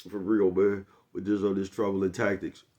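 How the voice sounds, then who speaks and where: A man's voice: low voice, little pitch movement, moderate pace, dark tone. A man talking straight to his viewers in a casual, rambling, profane monologue, often asking whether they follow him. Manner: rambling, profane, keeps asking "you know what I'm talking about". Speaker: vlogger.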